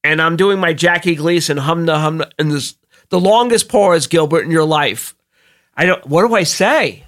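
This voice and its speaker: Bright, high-voiced man telling stories. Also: normal speed. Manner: animated storyteller acting out quotes. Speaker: guest, entertainment publicist. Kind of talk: anecdote telling on a podcast.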